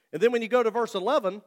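A man preaching a sermon in a church, talking to the congregation in a conversational way and joking with them. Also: high voice. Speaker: pastor. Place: church sanctuary. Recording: long reverb of a church hall.

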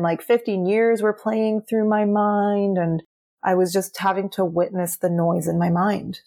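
A young woman speaks candidly as an interview guest, telling personal stories in an earnest, chatty way and saying "like" often. Her slightly low voice, pitched a little under the usual range, is gravelly and a little mellow.

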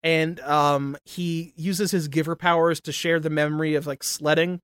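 A young man in casual podcast chat, laughing and swearing as he rants. His voice sits a bit high, recorded close and dry with no room sound. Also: moderate pace, smooth, dry recording. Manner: animated ranting, heavy swearing, laughs often. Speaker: podcast co-host.

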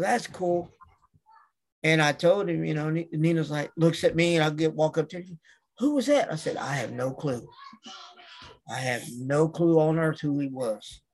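A middle-aged man with a fairly high voice and some vocal fry sits in as an interview guest. Once a wrestler and a manager, he recounts casual stories and imitates the people in them as he delivers their lines.

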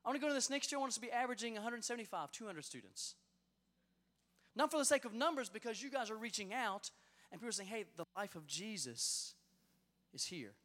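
A youth pastor in his thirties preaches with excitement, his pitch leaping high and low as he tells stories. His high, animated voice rings out in a large hall with long reverb. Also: quick pace. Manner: lively, storytelling, excited. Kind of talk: sermon.

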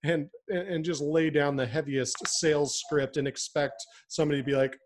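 A man co-hosting a business podcast in casual chat, animated and acting out customer voices. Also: fairly high pitch, normal speed, few pauses. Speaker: podcast co-host.

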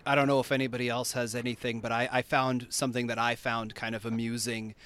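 A man's voice: mid-range voice, little pitch movement, fast talker, a bit bright, a little hiss or hum. A man hosting a casual podcast discussion, thoughtful and full of fillers as he talks things through. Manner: thoughtful, many fillers and hedges. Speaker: podcast host.

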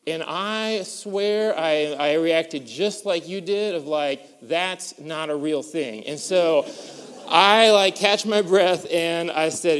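A man preaches from the pulpit, his fairly high voice smooth and resonant. He tells stories with animated energy, climbing to excited peaks. A long reverb trails his words through the sanctuary. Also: slow pace. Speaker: pastor. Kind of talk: sermon with storytelling.

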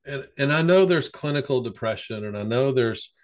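Speaking at a normal speed in a mid-range voice, this middle-aged man is a psychotherapist guest in a relaxed chat. He wanders through long, lively stories as a rambling raconteur.

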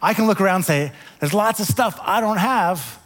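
A man preaching a sermon, animated when telling the story and dropping to soft, quiet tones. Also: high-pitched, normal speed, in a large hall. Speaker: pastor.

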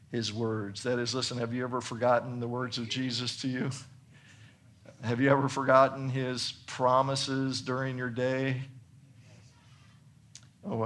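This pastor, with a mid-range voice, preaches by reading scripture aloud and explaining it earnestly. He climbs toward excited emphasis, then softens his voice to make his points.

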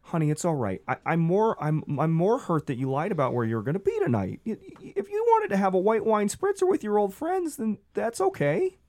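A man's voice: high voice, wildly swooping pitch, brisk, hardly any pauses, darkish tone, no room sound, voice pushed up, heavily acted. A flustered, fussy middle-aged man, as a game master puts him on, stammering and doting. The voice sits well above his usual talk and keeps fluttering up and down.

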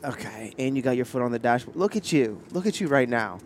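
A man's voice: medium pitch, animated, a little fast, a little hiss or hum. A man co-hosting a casual podcast from a car, teasing his partner and acting out what people said. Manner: playful, teasing, acts out quotes. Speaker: podcast co-host. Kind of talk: casual chat. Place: in a parked car.

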